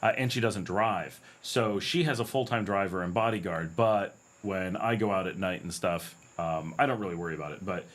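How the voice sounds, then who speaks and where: Casting: middle-aged American man, low-pitched, relaxed storytelling host who laughs easily. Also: moderate pace, few pauses. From United States. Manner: chatty, anecdotal, laughs often, acts out quoted voices. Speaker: livestream host. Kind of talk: casual livestream Q&A.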